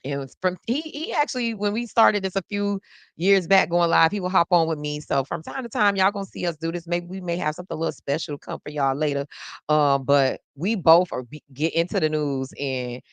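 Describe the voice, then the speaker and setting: This host of a casual live news-reaction stream is a woman with a fairly low voice that runs a little fast. She chats animatedly straight to viewers, often exclaiming and repeating phrases for effect, with no echo.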